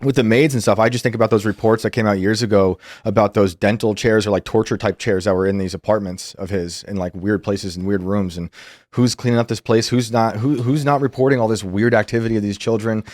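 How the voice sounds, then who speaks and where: A man's voice: fairly low pitch, fairly even intonation, fairly quick, a little mellow, no echo, clean studio sound. A man on a podcast panel, giving rambling opinions in casual discussion. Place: podcast studio.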